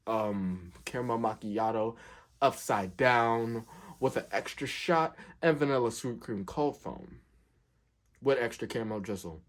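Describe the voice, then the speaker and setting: A young man telling a work story in a casual, animated way, acting out the quotes with big jumps in pitch. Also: a little slow. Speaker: storyteller, fast food worker.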